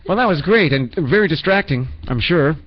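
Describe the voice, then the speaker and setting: A man's voice: fairly high pitch, lively intonation, a little fast, no echo, lo-fi sound. Rambling, self-mocking male radio host. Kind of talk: comedic radio banter.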